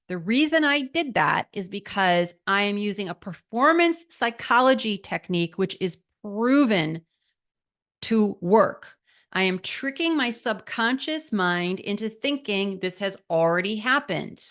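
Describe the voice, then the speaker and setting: A woman's voice: medium pitch, expressive, normal speed, fairly bright tone. Emphatic middle-aged woman mentor. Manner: emphatic, motivational, rhetorical questions. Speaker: art business mentor. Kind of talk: online course lesson.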